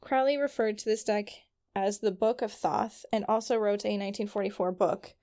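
A woman's voice: medium pitch, fairly even intonation, normal speed, mellow. Young woman casually reading podcast notes. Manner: reads notes aloud with fillers, stumbles over words. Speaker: podcast co-host.

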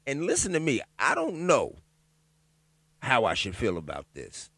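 A man talking alone in a loud, profane, joking commentary, riffing on a news story and reading parts of it aloud haltingly. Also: medium pitch, creaky, husky, no room sound. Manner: loud, profane, animated riffing with laughs and asides. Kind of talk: casual profane commentary monologue.

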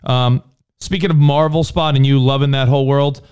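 A man co-hosting a casual radio talk show, chatty and quick, often tripping over his words. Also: mid-range voice, steady tone, a little mellow, clear, resonant tone. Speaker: co-host.

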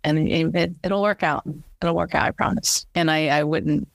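A woman's voice: low voice, moderate pace, gravelly, dry recording, clean studio sound. A woman talking candidly and animatedly as an interview guest, with many fillers and restarts. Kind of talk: casual interview chat.

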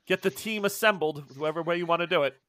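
A man narrating a tabletop game as game master, relaxed and jokey. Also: on the high side, fast talker, no room sound.

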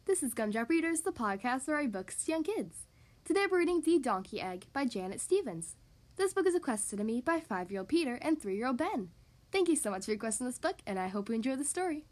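A woman hosting a podcast, reading a picture book aloud to young children in an animated, sing-song way. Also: sits high, a little fast. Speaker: podcast host reading to kids. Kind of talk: children's storybook read-aloud.

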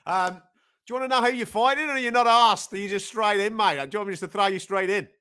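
Guy doing a chill aussie-sounding fight matchmaker, mate-this mate-that, highish voice. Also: fast talker, sharp tone, smooth. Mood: matey. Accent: put-on Australian. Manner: matey, easygoing. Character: laid-back male fight matchmaker, mock Australian.

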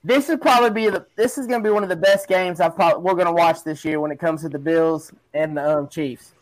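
A man's voice: fairly high pitch, fairly quick, no echo, low-quality recording. A man in his thirties co-hosting a podcast, talking football in casual, emphatic chat. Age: 30s. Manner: animated, emphatic, talks over others. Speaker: podcast co-host.

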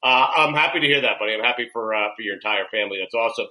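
A man's voice: fairly low pitch, bright, forceful tone, low-quality recording. A middle-aged man, a radio host, chatting and joking in a friendly way during a casual remote conversation. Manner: friendly, joking, quick to laugh.

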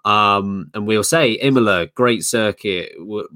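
A man's voice: on the low side, takes it slowly, pushed and bright. A man co-hosting a podcast, thinking aloud in casual chat with frequent ums and restarts. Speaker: podcast co-host.

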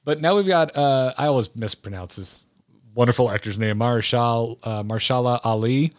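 A man co-hosts a podcast, chatting casually and eagerly about films and rambling with many restarts. His mid-range voice moves at a moderate pace, and the studio sound is clean with no echo.

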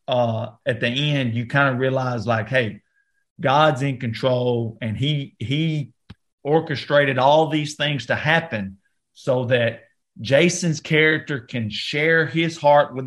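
An actor with a Southern American accent and a medium-pitched voice chats as a podcast guest in a casual interview. He's relaxed and loose, full of fillers and restarts.

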